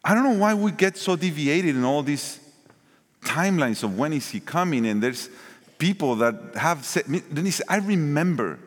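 A man preaching a sermon, shifting between loud emphasis and quiet asides. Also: a little high, expressive, normal speed. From Mexico. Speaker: pastor. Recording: long hall reverb.

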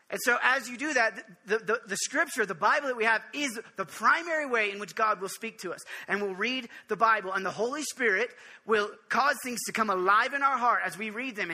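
A man giving an informal sermon on prayer, earnest and jokey, with quick restarts and direct questions to his listeners. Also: sits high, sharp tone. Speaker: preacher.

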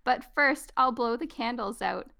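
A woman voicing a silly, boastful young male monkey in a storybook reading, with a high, drawn-out sing-song delivery. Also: vocal fry, sharp tone, exaggerated voice. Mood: proud.

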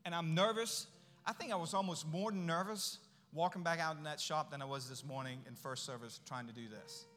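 A man's voice: fairly high pitch, a little fast, a bit bright. A middle-aged man giving a guest sermon in a church, telling a personal story in a conversational way and acting out the dialogue. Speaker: guest speaker. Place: church sanctuary. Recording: long hall reverb.

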